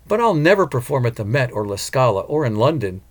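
A man's voice: mid-range voice, big pitch swings, fairly quick. A man voicing an earnest, determined woman opera singer and mother in an audiobook. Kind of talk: audiobook character voice.

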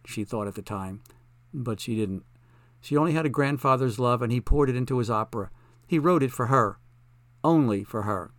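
A man narrating an audiobook in a measured, plain reading style. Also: mid-range voice, dry recording. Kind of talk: scripted narration.

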